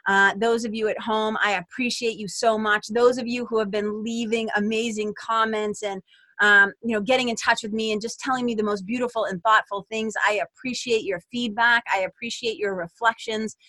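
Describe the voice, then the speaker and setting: Earnest bright-voiced woman podcast host. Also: a little high, normal speed, no room sound. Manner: earnest, direct address to listeners. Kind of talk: spiritual self-help monologue. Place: small closet.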